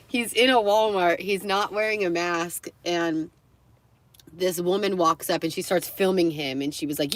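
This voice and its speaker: A young woman chats to her live stream in a rambling, laughing storytelling voice, now and then acting out the people in her stories. Her voice sits a little low for a woman. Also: steady tone, unhurried, no echo. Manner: chatty, laughs often, acts out quoted voices.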